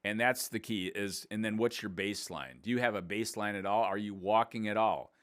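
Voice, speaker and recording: A man's voice: fairly low pitch, a little fast, fairly bright tone. A man in his sixties, a fitness coach and podcast host, explaining exercises in a casual, upbeat, plain-spoken way. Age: 60s. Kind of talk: casual instructional podcast talk.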